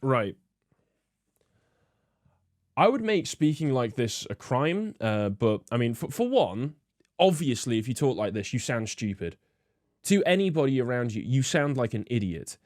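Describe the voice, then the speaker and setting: A man's voice: mid-range voice, very animated, a little slow, pauses often, darkish tone, no echo, studio quality. A man hosting, giving disdainful political commentary with many fillers. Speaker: host.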